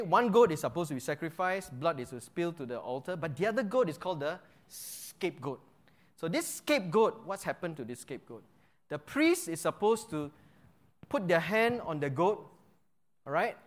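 A man with a Singaporean English accent teaching a Bible lesson, asking the audience questions and using local slang. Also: fairly high pitch. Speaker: preacher.

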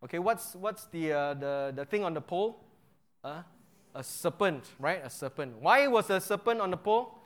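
A man's voice: high-pitched, lively intonation, normal speed, a bit bright. A man with a Singaporean English accent teaching a Bible lesson, asking the audience questions and using local slang. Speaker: preacher.

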